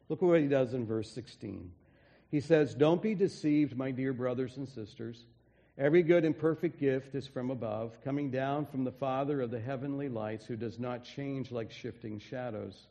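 A pastor preaching a sermon in an earnest way, often restarting phrases and dropping softly for emphasis. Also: male voice, medium pitch, in a large hall. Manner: earnest, with frequent restarts and soft drops for emphasis.

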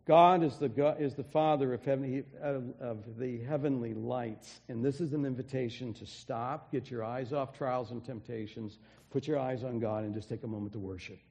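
Pastor guy preaching, mellow dark voice, big echoey church sound. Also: medium pitch, normal speed, creaky. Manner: earnest, with frequent restarts and soft drops for emphasis. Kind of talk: sermon.

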